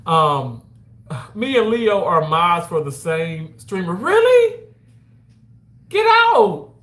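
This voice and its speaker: A man chatting casually with his viewers on a livestream, animated and quick to exclaim. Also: mid-range voice, roomy sound.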